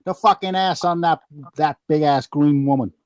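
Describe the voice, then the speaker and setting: A man's voice: fairly high pitch, moderate pace, over a noisy crowd. A man chatting casually, jokey and crude. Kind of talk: casual chat.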